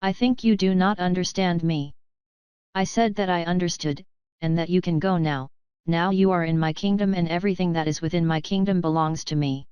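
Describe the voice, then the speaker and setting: A composed young king who speaks with formal, unhurried calm, read by a woman. The voice sits fairly low, very clean and smooth, recorded dry and close with no room sound. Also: dry recording, highs cut off, close to an everyday voice.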